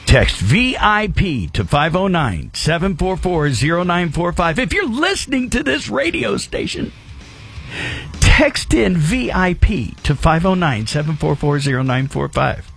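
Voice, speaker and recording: A man's voice: a little high, very animated, unhurried, creaky, fairly bright tone, breathy edge. A man hosting a rock radio show, chatting loosely and playfully between songs. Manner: loose, playful, repeats numbers. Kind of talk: casual rock radio banter. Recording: music bed underneath.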